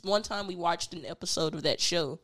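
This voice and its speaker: A woman's voice: on the low side, moderate pace, a bit bright. Co-host, female, congested, easygoing, laughs a lot, casual chat.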